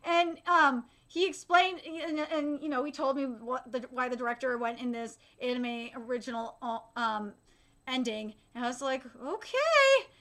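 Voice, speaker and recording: A young woman hosting a casual anime and manga update vlog, gushing and excitable, swearing freely, full of fillers and restarts. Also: high-pitched, moderate pace. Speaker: channel host.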